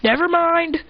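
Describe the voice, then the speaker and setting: A woman's voice: very high-pitched, lo-fi sound, noisy background. A woman casually telling an improvised fan-fiction story, rambling, with filler asides and self-corrections.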